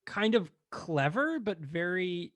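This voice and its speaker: A man's voice: sits high, very animated, slow, fairly bright tone, no echo. A man co-hosting a casual film podcast, rambling and joking with lots of fillers. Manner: rambling, jokey, many fillers. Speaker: podcast co-host.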